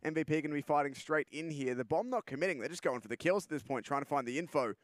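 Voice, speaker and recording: A man giving brisk, steady play-by-play commentary on a live esports match. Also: fairly high pitch, no room sound. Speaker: esports caster.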